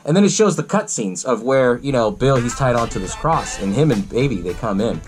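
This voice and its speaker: Rambling profane podcast host, lively pitch. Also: male voice, a little fast, few pauses. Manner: rambling, profane, laughs often. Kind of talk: casual movie recap.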